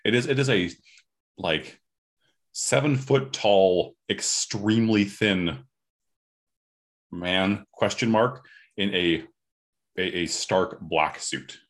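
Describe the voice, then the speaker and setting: Deep-voiced man running a tabletop game. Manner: deliberate, halting description. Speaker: game master.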